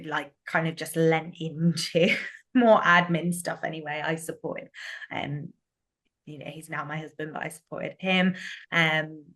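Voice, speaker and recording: A woman's voice: deep voice, a bit bright. A woman guest in a casual interview, chatty, with frequent laughs and many fillers and restarts. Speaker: guest, business owner.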